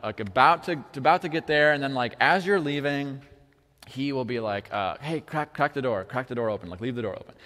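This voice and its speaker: A young man preaching a sermon about his children in a casual way, full of "like", moving between hushed and loud moments. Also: on the high side. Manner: casual, heavy use of "like", swings from hushed to loud. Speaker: pastor. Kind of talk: sermon with personal story. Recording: long hall reverb.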